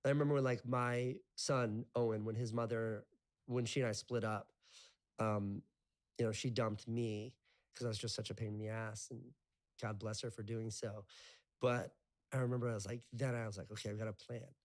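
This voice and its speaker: A man's voice: fairly low pitch, fairly even intonation, normal speed. A man in his thirties telling his life story as an interview guest, rambling with lots of filler words and casual swearing. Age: 30s.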